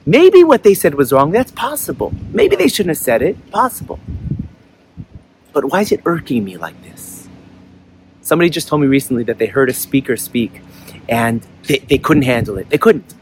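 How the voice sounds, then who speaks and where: Lively, earnest man telling a story outdoors. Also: on the high side, fairly quick, a little hiss or hum. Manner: earnest storyteller who acts out voices in the tale. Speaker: host of an inspirational talk show. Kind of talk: outdoor inspirational talk with storytelling.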